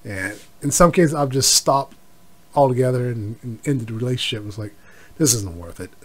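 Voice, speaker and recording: A man's voice: mid-range voice, normal speed, fairly bright tone. A middle-aged man hosting a casual solo podcast, rambling with many fillers and asides. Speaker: podcast host.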